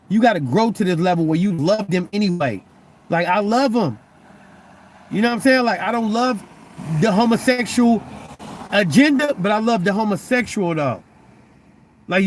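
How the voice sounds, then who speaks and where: A young man preaching in a casual, conversational way, often stammering and repeating words as he presses his point. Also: high-pitched. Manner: loose, conversational, keeps asking "you know what I'm saying". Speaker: Christian vlogger.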